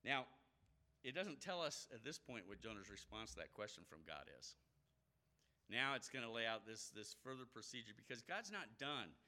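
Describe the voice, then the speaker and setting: Preaching with lots of energy, this man performs the voices of those he quotes. He speaks at a normal speed in a mid-range voice.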